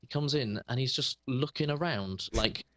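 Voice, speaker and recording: A man's voice: mid-range voice, moderate pace, fairly bright tone, no room sound. A man who runs a computer repair shop, telling a story in casual chat with lots of fillers and restarts. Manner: rambling, hesitant storytelling with many fillers. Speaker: computer repair shop owner, podcast co-host.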